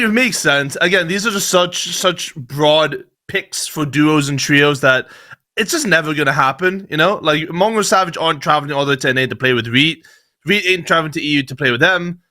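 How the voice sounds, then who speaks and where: A man co-hosting a gaming podcast, talking in an animated, joking and emphatic way. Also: a little high. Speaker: podcast co-host. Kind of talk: casual chat.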